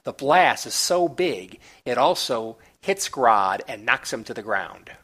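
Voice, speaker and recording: Guy with a bright punchy voice talking through a comic plot, easygoing with little side comments. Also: medium pitch, slow, husky. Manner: relaxed, chatty, with small asides and fillers. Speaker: comic book reviewer. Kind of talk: casual plot recap.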